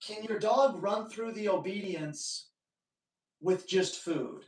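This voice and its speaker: A man's voice: high voice, slow, a little mellow. A man hosting a live dog training Q&A, giving blunt, emphatic advice in short, punchy commands. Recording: roomy, distant from the mic.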